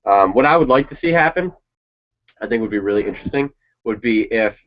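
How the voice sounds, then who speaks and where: A man's voice: mid-range voice, lively intonation, a little fast. A man chatting casually and swearing now and then as he reacts to a wrestling show. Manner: rambling, opinionated, swears casually. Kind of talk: casual chat. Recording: dull lo-fi sound.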